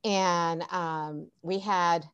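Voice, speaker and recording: A woman's voice: lowish voice, very slow, clean tone, dry recording, lo-fi sound. A middle-aged woman, a former teacher, telling funny stories in a casual podcast interview, full of restarts and laughter. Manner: animated, laughing storyteller with many restarts. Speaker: podcast guest, former teacher and tech coach.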